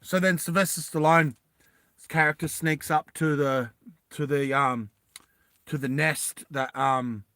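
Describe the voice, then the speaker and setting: A man's voice: a little high, a little slow, no room sound. Rambling man telling a story. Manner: rambling, animated, with many fillers and asides. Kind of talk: improvised casual storytelling.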